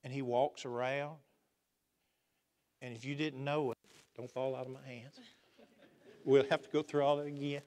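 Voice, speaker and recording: A man preaching a sermon in a church, swinging between loud emphatic outbursts and quiet asides. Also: medium pitch, flat delivery, normal speed, pauses often. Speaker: pastor. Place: church sanctuary.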